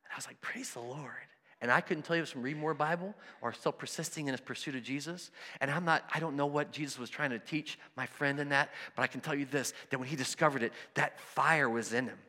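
A man preaching a sermon, conversational and animated, acting out the voices of people in his stories. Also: fairly high pitch, fast talker, few pauses, long reverb tail. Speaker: pastor.

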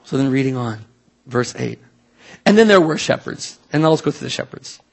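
A man preaching a sermon in a church, conversational and animated, full of asides and questions to the congregation. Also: mid-range voice, moderate pace, creaky. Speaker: pastor.

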